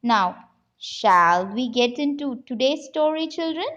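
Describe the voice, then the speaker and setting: A woman teaching an English lesson to children, speaking deliberately and reading a story aloud. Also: high voice, animated, fairly bright tone, highs cut off. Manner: slow, deliberate, addressing children.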